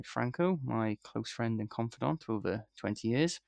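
A man's voice: mid-range voice, expressive, moderate pace, gravelly, a little mellow, no echo. A man hosting a casual podcast chat, joking and self-deprecating, with a slight lisp from new braces. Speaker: podcast host.

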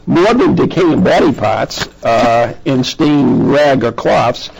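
A man's voice: medium pitch, expressive, slow, gravelly, darkish tone, slightly rough, dull audio. A man with a New England accent hosting a casual podcast, rambling through explanations and tripping over words. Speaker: podcast host.

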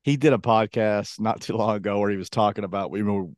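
A man's voice: fairly low pitch, steady tone, fast talker, darkish tone, no echo, studio quality. A man co-hosting a podcast, telling stories in a rambling, self-mocking way. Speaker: podcast co-host. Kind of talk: casual chat.

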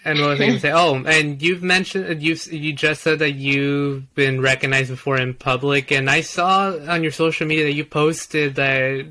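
Brief: male host, bright forward tone, easygoing questions. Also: fairly high pitch, fairly even intonation, moderate pace, few pauses. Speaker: interview host. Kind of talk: casual interview.

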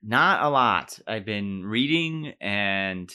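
A man's voice: lowish voice, expressive, slow, pushed and bright, clear, resonant tone. A young man co-hosting a podcast in casual chat, joking and rambling with many fillers. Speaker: podcast co-host.

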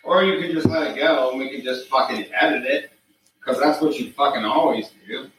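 A man's voice: medium pitch, a little fast, reverberant, background noise. A man hosting a podcast, chatting casually in a profane, wired way, jittery from coffee, often trailing off to a mutter. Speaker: podcast host and chef. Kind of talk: casual banter.

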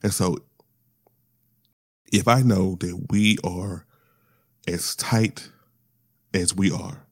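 A man telling a painful personal story of loss in a halting monologue, restarting often and fighting back tears. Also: sits low, steady tone, dry recording, studio quality.

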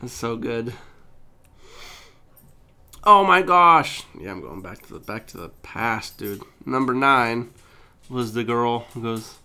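A young woman co-hosting a casual podcast chat, laughing often and bursting into loud, high voices when she quotes things. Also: animated, slow pace, pauses often, clean tone. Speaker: podcast co-host.

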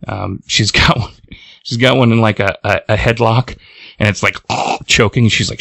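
A man's voice: fairly low pitch, fairly even intonation, moderate pace, vocal fry, pushed and bright, slightly rough, no room sound. A man cohosting a podcast, casually recapping a comic plot, rambling with fillers and chuckles.

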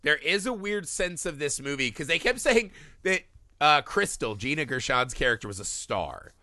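A man's voice: a little high, big pitch swings, moderate pace, pushed and bright, dry recording. A man co-hosting a casual film podcast, ranting animatedly, swearing often and laughing as he talks. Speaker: podcast co-host. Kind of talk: casual profane film discussion.

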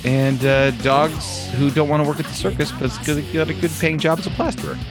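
A man's voice: a little high, steady tone, fairly quick, music in the background. A man hosting a podcast in casual chat, telling long jokes with frequent laughter and swearing. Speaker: podcast host.

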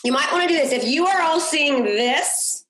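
A woman's voice: sits high, animated, moderate pace, fairly bright tone, roomy sound, rough recording. A woman coaching a group on a video call, upbeat and encouraging, repeating key points and checking in with "okay?". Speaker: business coach.

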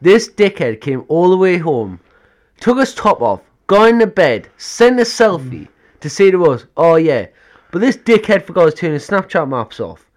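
A man with a slightly high voice, chatting as co-host of a casual podcast. He tells the story with animation and swears freely. He keeps breaking into laughter as he goes. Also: sing-song, moderate pace. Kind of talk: casual chat.

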